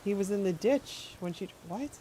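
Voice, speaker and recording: A woman streaming a game, giving chatty, animated commentary. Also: medium pitch, normal speed, a little hiss or hum. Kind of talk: casual live-stream commentary.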